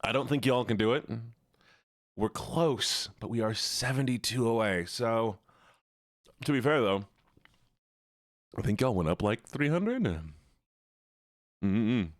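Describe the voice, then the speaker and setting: A man's voice: medium pitch, unhurried, pauses often, no room sound, studio quality. A man streaming live, chatting casually with viewers in a rambling, self-correcting way.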